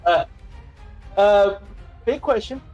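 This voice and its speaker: A man's voice: high-pitched, animated, slow pace, darkish tone, lo-fi sound, soft background music. A man playing in an online tabletop game, speaking casually and hesitantly with fillers. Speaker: player.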